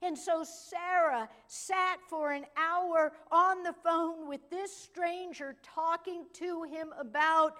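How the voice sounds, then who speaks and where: A woman preaches from the pulpit in a high, light voice. She takes her time, telling the story slowly and letting her voice drop soft for emphasis. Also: fairly even intonation. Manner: storytelling, slows and softens for emphasis. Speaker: pastor. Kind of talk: sermon.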